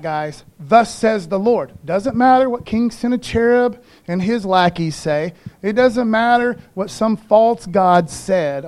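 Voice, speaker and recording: A man's voice: high-pitched, a little mellow. A man pastor giving a casual, conversational sermon to a church and a TV audience, calling out to the listeners. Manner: conversational preaching with call-outs to the congregation. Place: church broadcast.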